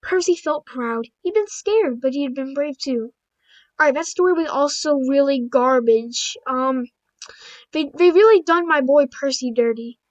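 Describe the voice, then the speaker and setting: A woman with a high voice reads simple children's stories aloud in a casual, offhand way. She trips over words, restarts lines, and cuts in with blunt asides. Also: moderate pace, muffled recording. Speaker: video creator.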